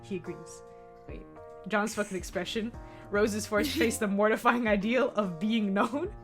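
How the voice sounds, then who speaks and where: A woman's voice: mid-range voice, moderate pace, faint music behind. A woman streamer reading a visual novel aloud and chatting, laughing often and swearing freely. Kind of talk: live-stream game reading and chat.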